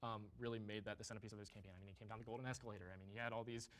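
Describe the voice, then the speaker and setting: A man taking part in a casual debate, arguing a point rapidly and eagerly. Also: fairly low pitch, fairly even intonation, fairly bright tone. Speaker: debate participant.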